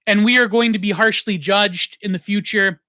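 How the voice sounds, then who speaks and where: A man hosting his own show in a loose, rambling monologue. His voice is high and bright, and the sound is dry and close with no room echo. He talks in an opinionated way, with many restarts. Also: fairly even intonation, normal speed. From Canada. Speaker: host. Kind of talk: casual monologue.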